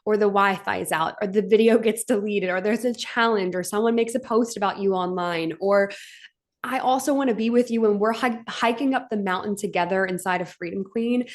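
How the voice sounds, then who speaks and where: Woman, live-stream host, heartfelt and gushing, everyday pitch, webcam sound. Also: a little fast. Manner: gushing and heartfelt, tearing up at times, fillers like "like". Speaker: host of a live stream for her business community. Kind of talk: emotional motivational live stream.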